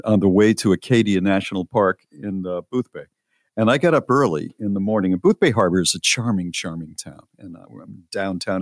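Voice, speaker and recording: Male podcast host, animated storyteller, dry close mic. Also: on the low side, no echo. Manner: animated, mock-indignant storyteller. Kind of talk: casual storytelling.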